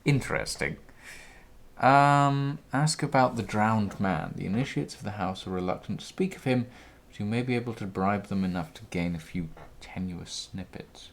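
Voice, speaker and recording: A man's voice: on the low side, moderate pace, vocal fry. A man streaming a game live, thinking aloud and reading the game's text aloud between short reactions.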